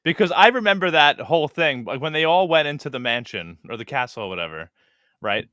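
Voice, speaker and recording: A man co-hosting a podcast, recapping a reality show in a rambling, animated way. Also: on the high side, a little fast, no echo, studio quality. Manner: rambling, animated, acts out quotes. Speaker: podcast co-host. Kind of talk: casual reality TV recap chat.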